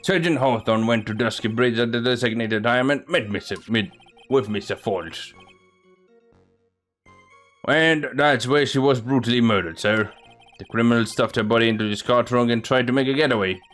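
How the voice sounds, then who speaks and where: A man's voice: medium pitch, normal speed, fairly bright tone, soft background music, lightly acted. A man voicing an eager young male police detective who reports dutifully and keeps saying sir. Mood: earnest. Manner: earnest, dutiful, says "sir" often.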